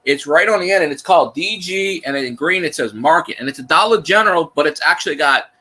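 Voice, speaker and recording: A man's voice: a little high, expressive, quick pace, bright, forceful tone, low-quality recording. A man with a Cajun accent hosting a casual livestream, telling rambling stories with lots of restarts and the odd swear. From Louisiana. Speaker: livestream host.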